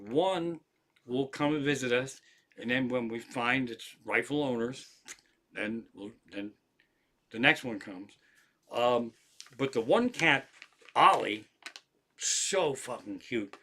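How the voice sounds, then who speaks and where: A man, a comedian, streaming live from an armchair at home and telling rambling stories peppered with swearing. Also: mid-range voice. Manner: profane, animated anecdotes with frequent swearing. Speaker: comedian hosting a livestream. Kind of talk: casual rambling storytelling.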